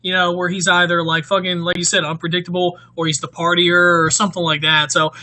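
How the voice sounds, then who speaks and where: A man co-hosting a casual wrestling chat, quick and offhand with jokes. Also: sits high, flat delivery, pushed and bright, low-quality recording. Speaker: podcast co-host.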